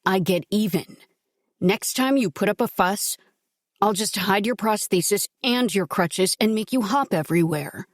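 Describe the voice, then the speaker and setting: A wry male doctor and teasing husband, gruff and dry in his complaints, as a woman narrator reads him. She barely changes her own voice for him. The storybook recording is close and dry. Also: mid-range voice, measured pace, no echo, lightly acted.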